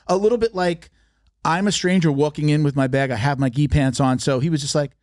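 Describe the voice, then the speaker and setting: Podcast guest, male, rapid emphatic storyteller, dry close sound. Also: a little high, a little mellow, no room sound. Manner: storytelling, emphatic, with many restarts. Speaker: martial arts marketing expert, podcast guest. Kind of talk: casual podcast conversation.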